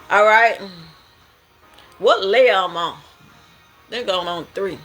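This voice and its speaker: A young woman tells her dream to her viewers in a slow, unhurried way. Her voice sits a little high and rings bright, with soft music playing faintly behind her. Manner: animated, laughing often, addressing viewers as y'all. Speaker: spiritual dream interpreter. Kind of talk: casual dream-sharing monologue.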